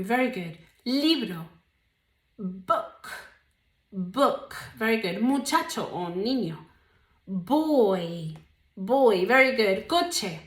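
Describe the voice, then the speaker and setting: A woman with an Australian accent teaching English, slowly and carefully modeling each word's pronunciation for learners. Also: medium pitch, fairly bright tone. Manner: slow, deliberate pronunciation modeling. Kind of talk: language lesson drills. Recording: roomy echo.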